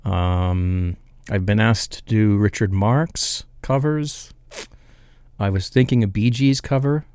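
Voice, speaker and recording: A man's voice: on the low side, slow, a little mellow, clear, resonant tone, dry recording, clean studio sound. A man hosting a live home brewing stream, chatting loosely and reading viewer comments aloud, rambling and laughing at himself as he loses his place.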